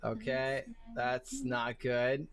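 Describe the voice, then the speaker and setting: A man's voice: medium pitch, flat delivery, very slow, vocal fry, background noise. A man narrating a tabletop game as game master, loose and chatty, swearing casually.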